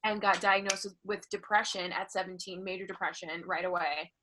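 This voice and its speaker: A woman's voice: medium pitch, steady tone, brisk, pushed and bright, a little hiss or hum. A woman comedian, a guest telling candid, profane stories in casual chat. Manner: candid, profane, bursts of laughter.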